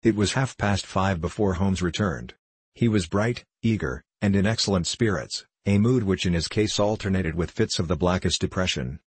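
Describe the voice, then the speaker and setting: Deep, husky male audiobook narrator. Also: normal speed, no echo. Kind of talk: scripted narration.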